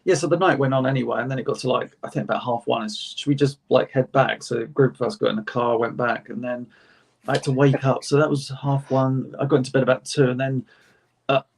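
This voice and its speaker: A young British man on a chat panel, telling lively anecdotes and acting out the people in them. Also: mid-range voice, quick pace, gravelly, husky. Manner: animated anecdotes, acting out quotes, self-laughing. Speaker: panel co-host. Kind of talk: casual storytelling chat.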